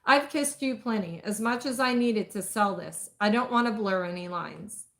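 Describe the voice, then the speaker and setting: A steady older man in a romance story talks in a firm, low murmur, as a woman narrator reads him. The voice sits at an ordinary pitch. It stays close to her own reading voice. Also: moderate pace, close to an everyday voice. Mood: guarded.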